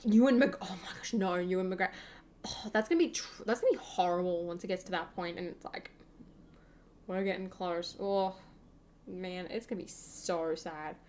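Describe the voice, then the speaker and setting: A woman's voice: on the low side, normal speed, a little mellow, a little hiss or hum. A young woman, hosting a gaming channel and chatting casually over gameplay in a rambling way, full of fillers.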